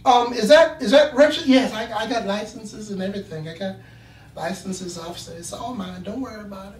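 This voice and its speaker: Calm elderly woman driver, a man doing her, light and high, recorded far off in a roomy room. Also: brisk, close to an everyday voice. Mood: breezy. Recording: roomy live venue from afar.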